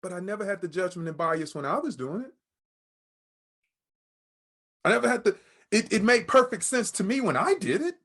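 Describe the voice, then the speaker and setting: A man with a rather high, bright and forceful voice shares a candid personal story as a guest. He talks in an open conversational way. He slips into the voices of the people in his story as he goes. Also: expressive, fast talker. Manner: candid, emotional, acts out quoted dialogue.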